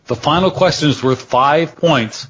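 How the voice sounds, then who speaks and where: A man's voice: fairly high pitch, unhurried, muffled recording, heavy background noise. A man from Canada hosting a podcast quiz round, teasing and a little tipsy. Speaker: podcast host. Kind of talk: casual quiz-show banter.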